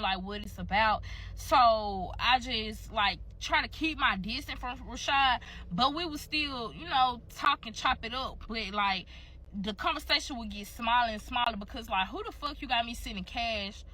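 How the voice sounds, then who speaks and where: A woman's voice: fairly high pitch, normal speed, pushed and bright, a little hiss or hum. A young woman telling a candid, profane story to her viewers in a casual, chatty way.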